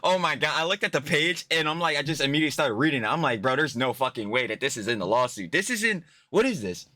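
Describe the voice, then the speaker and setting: A man's voice: a little high, animated, quick pace, pushed and bright, dry recording, studio quality. A young man giving profane, mocking reaction commentary, ranting and laughing. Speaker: commentary YouTuber.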